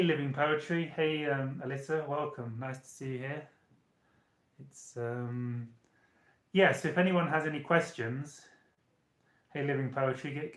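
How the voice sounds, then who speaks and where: A man chats and rambles straight to his viewers as he hosts a casual live stream. His voice sits at a middling pitch. It echoes around a small, roomy hotel room. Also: fairly bright tone. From United Kingdom. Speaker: channeler and live-stream host. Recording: roomy echo.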